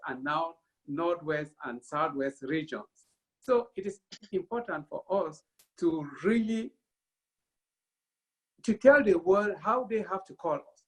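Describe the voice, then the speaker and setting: A man speaking as a guest on a panel, halting and using many fillers. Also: a little high, low-quality recording. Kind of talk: panel discussion.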